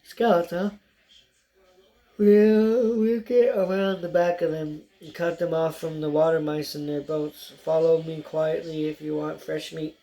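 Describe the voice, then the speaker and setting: A reader voicing a savage male wolverine warlord who gives low, murmured orders in a storybook reading. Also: flat delivery, a little slow, dark tone, natural voice, rough recording. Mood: scheming.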